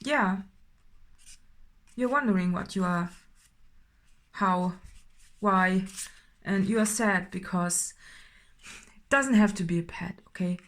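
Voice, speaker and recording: A woman doing an unscripted intuitive tarot reading, halting and filler-heavy, often checking in with "right?" and growing more emphatic as she goes. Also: mid-range voice. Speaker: tarot reader.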